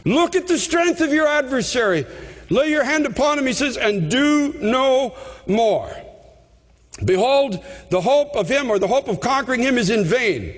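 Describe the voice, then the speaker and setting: A man preaching a fervent sermon, often repeating himself and rising to shouts. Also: extremely high pitch, expressive, normal speed, long reverb tail.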